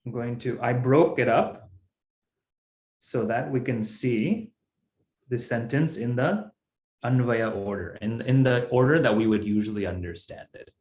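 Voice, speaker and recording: A man teaching an online class, explaining patiently and one step at a time. He talks slowly at a middle pitch. His voice rings in a noticeably echoey room. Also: darkish tone. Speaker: Sanskrit teacher.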